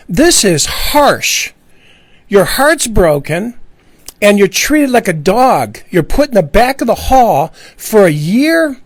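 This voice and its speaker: A man's voice: high-pitched, big pitch swings, measured pace, no echo. A middle-aged man giving an earnest, impassioned monologue, often repeating himself. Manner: earnest, repetitive, acts out quoted voices. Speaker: ex-Jehovah's Witness speaking out.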